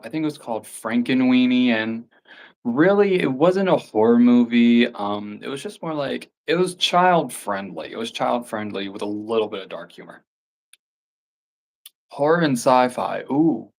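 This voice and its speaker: A man's voice: mid-range voice, poor audio. A young man hosting a casual livestream, rambling with lots of fillers and frequent laughs as he chats to viewers. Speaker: livestream host.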